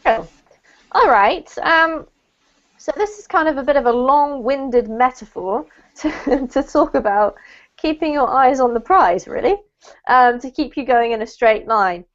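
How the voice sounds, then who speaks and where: A woman's voice: sits high, expressive, unhurried, dull audio. A woman teaching English pronunciation in an online class, praising students and correcting their word stress.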